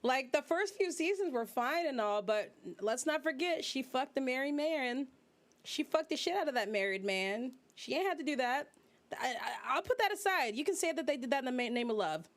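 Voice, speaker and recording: A young woman VTuber host giving casual, profane, animated commentary, exclaiming as she rants. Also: sits high, normal speed.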